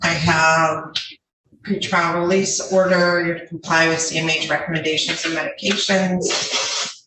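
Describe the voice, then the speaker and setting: A woman's voice: lowish voice, little pitch movement, background noise. A woman judge speaking firmly and steadily in a court hearing. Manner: firm, measured, with fillers. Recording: echoey distant courtroom audio.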